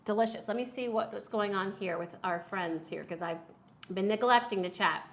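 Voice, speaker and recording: A woman's voice: medium pitch, normal speed, slight background noise. A woman hosting a casual live-stream food review, chatty and enthusiastic, reading viewer comments aloud.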